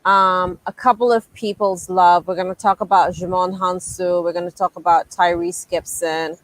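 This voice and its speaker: A woman's voice: fairly low pitch, little pitch movement, moderate pace, low-quality recording. A woman hosting a casual interview, upbeat and affirming as she sets up the next topics. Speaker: podcast host.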